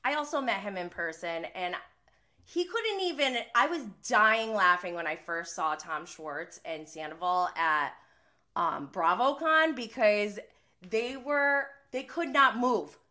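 Bright-voiced chatty woman recapping TV. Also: medium pitch, animated, a little slow. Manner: chatty, heavy use of "like", often laughing. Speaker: reality TV recap host. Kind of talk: casual live-stream recap commentary.

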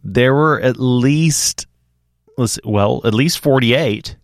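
A man's voice: mid-range voice, slow, no room sound, studio quality. A man co-hosting a podcast, telling a story in casual chat and often stammering over his words. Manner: animated storyteller, stammers and repeats. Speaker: podcast co-host.

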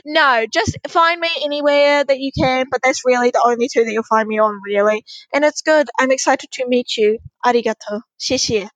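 A woman guest on a podcast, bubbly and excitable, gushing in casual conversation. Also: sits high, moderate pace, few pauses, dry recording, dull audio. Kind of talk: casual interview chat.

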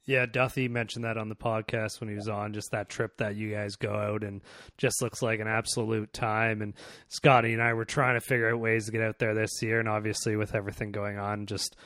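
A man's voice: lowish voice, little pitch movement, a little fast, a bit bright, no room sound, clean studio sound. A man hosting a podcast, chatting casually and asking easygoing questions. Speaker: podcast host. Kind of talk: casual chat.

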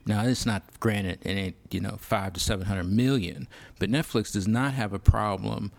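A man co-hosting a casual podcast chat, thoughtful and halting, with many pauses and restarts. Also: fairly low pitch, gravelly, dry recording. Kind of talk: casual film-industry chat.

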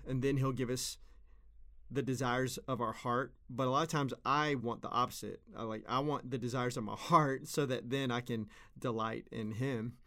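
A man's voice: mid-range voice, sharp tone. A man in his thirties, a pastor, giving an earnest, conversational devotional sermon and repeating phrases for emphasis.

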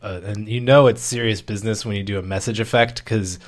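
A man's voice: lowish voice, steady tone, a little fast. A man co-hosting a podcast in casual chat, with a playful, jokey manner. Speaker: podcast co-host.

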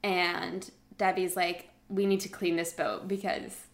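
A woman's voice: on the low side, level tone, unhurried. A woman casually retelling a survival story to a friend, chatty, with lots of fillers, acting out the quotes.

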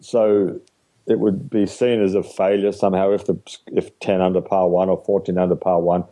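A man giving opinions on a golf podcast, measured and opinionated. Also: low-pitched, level tone, warm tone, poor audio. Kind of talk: podcast conversation.

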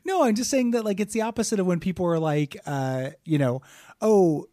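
A man co-hosting a comedy podcast, joking in loose casual chat and sometimes dropping into a slow low put-on voice. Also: animated, mellow, no echo, studio quality. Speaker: podcast co-host.

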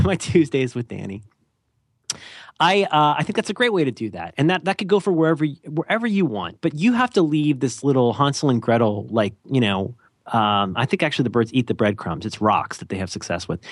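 Lively, rambling podcast man, dry sound. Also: mid-range voice, a little fast, no room sound. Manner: rambling, jokey, self-deprecating. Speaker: podcast co-host. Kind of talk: casual podcast chat.

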